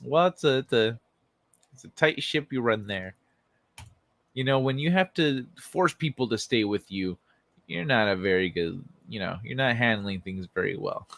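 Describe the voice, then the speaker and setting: A man's voice: medium pitch, lively intonation, moderate pace, vocal fry, fairly bright tone, no room sound. A man hosting a casual livestream, reading news articles aloud and joking sarcastically with chat, often swearing and laughing. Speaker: livestream host.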